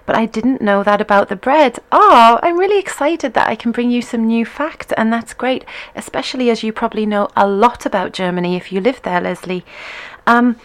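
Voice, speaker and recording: A woman with a slightly raised pitch chats easily to her live-stream audience from home. She reads out viewers' comments one after another and answers them in a friendly, giggly manner, sounding like a dance teacher talking to her regulars. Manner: chatty, giggly and upbeat. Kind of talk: casual chat reading out viewer comments.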